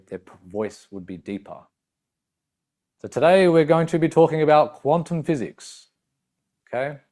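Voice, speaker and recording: A man's voice: mid-range voice, darkish tone. A man training coaches. He explains step by step, checks in with "right?" and "okay", and now and then acts out short voice samples. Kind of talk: teaching talk with demonstrations.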